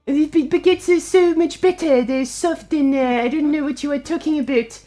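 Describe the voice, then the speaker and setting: A woman's voice: high-pitched, normal speed, warm tone, soft background music. A woman casting a live strategy game match, playful and joking. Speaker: esports caster.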